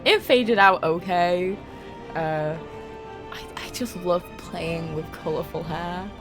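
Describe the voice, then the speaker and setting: A woman's voice: on the low side, slow pace, music in the background. A young adult woman streaming a game, chatting casually with her viewers, laughing often and swearing freely. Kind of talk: casual live-stream chat.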